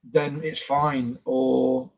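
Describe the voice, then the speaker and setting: A man's voice: medium pitch, little pitch movement, extremely slow, vocal fry, a little mellow, low-quality recording. A man hosting a casual live stream, rambling and chatty with plenty of fillers and self-corrections. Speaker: YouTube channel host on a live stream.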